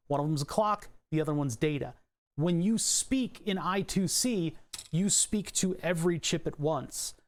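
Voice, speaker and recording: A man live-streaming from his desk, casually explaining electronics in a rambling, profane way. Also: fairly high pitch. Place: desk at home.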